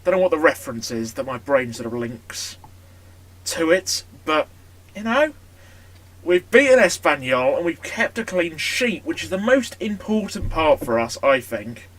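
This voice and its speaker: A man giving casual, chatty commentary over a football management game. He bursts into excited shouting at big moments. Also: on the high side, a little slow. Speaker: gaming YouTuber.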